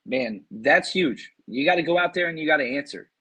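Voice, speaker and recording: A man hosting a sports podcast, excitedly talking through matchups and reading fan comments, his voice strained from screaming. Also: a little high, a little fast, breathy edge. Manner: hyped, animated, reads fan super chats. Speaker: podcast host.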